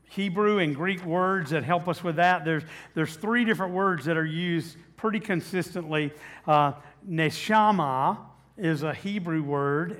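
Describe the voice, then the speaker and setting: A man's voice: on the high side, a bit bright. A man preaching a sermon as pastor, in a conversational way with many fillers and restarts, asking the audience questions.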